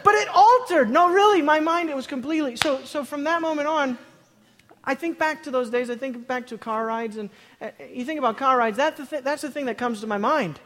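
A live audience hears a high-voiced man tell a humorous tale about himself, the words spilling out amid bursts of laughter. Excited, he repeats words and makes quick restarts, his voice ringing with long reverb through the large hall.

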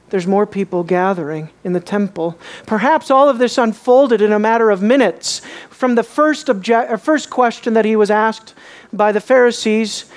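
A preacher giving an expository sermon in a conversational way, asking the audience many rhetorical questions and repeating phrases for emphasis. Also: medium pitch.

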